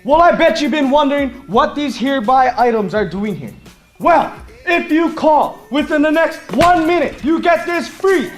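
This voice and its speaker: Brief: young man with a Hawaii Pidgin accent, very high voice, goofy parody salesman patter, music under. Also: animated, moderate pace. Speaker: school broadcast student pitchman. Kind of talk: parody infomercial skit.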